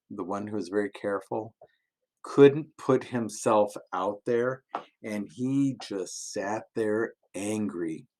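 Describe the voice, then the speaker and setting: A pastor giving a relaxed family sermon as a story, chuckling often and acting out the characters' lines. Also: male voice, fairly low pitch.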